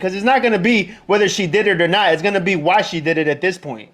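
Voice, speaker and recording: A man's voice: high-pitched, fast, few pauses, fairly bright tone. A man co-hosting a podcast, chatting loosely, with frequent stammers and restarts. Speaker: podcast co-host. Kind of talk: casual chat.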